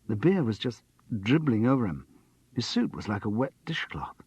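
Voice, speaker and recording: A man's voice: medium pitch, very animated, moderate pace, darkish tone, breathy edge, dry recording, dull audio. A man voicing a dry, self-mocking middle-aged actor who has sworn off drink. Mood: wry. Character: wry middle-aged male actor on the wagon.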